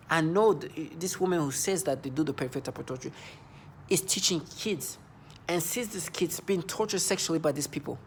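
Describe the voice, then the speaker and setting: A man's voice: a little high, gravelly, a little hiss or hum. A man in his thirties ranting in an agitated, repetitive, accusing monologue to camera. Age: 30s. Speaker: vlogger.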